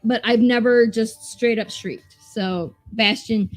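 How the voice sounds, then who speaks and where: A young woman with a fairly high voice talks through a film in a loose, rambling podcast chat. She swears often and tumbles over her own restarts. Faint music runs quietly underneath. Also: slow pace, no echo. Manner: animated, profane, rambling with restarts. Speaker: podcast co-host. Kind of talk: casual movie discussion.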